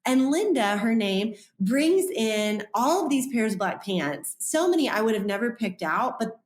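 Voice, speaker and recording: Animated woman telling a story, roomy sound. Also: a little high, measured pace. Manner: animated, acts out quoted voices. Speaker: author and guest. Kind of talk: storytelling in a podcast interview.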